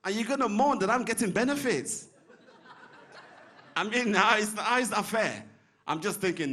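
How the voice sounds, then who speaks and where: Lively, teasing stand-up comic man. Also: high-pitched, normal speed, long pauses. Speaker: stand-up comedian. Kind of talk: stand-up comedy set. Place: comedy club on stage.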